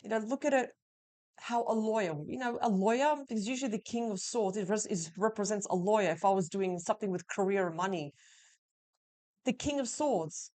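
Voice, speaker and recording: A woman's voice: medium pitch, brisk, darkish tone. A woman giving a weekly tarot reading, talking straight to the listener in a reassuring way. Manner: reassuring, addresses the listener directly. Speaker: tarot reader.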